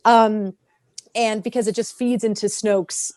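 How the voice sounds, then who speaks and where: An animated woman chatting on a fan podcast, laughing often and slipping into little impressions as she talks. Her mid-pitched voice sits close and dry, with no room sound around it. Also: measured pace, dry recording. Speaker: podcast co-host. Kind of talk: casual fan discussion.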